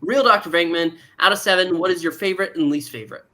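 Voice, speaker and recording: A man's voice: high voice, fast, pushed and bright. A man hosting a casual online panel, leading the ranking and calling on each panelist in turn. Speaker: show host. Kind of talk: casual group discussion.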